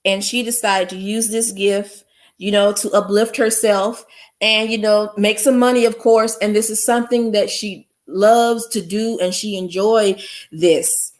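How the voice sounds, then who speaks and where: A woman's voice: medium pitch, fairly even intonation, measured pace. A woman hosting a casual livestream, talking to her viewers in an effusive way and repeating her exclamations. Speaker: livestream host.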